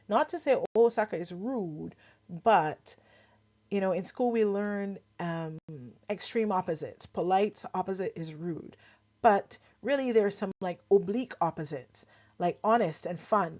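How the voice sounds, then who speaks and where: A woman from Barbados with a lightly softened Barbadian accent, chatting casually as she explains, full of quick examples and asides. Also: on the low side. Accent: Barbadian, softened for clarity. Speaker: culture explainer host. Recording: dull lo-fi sound.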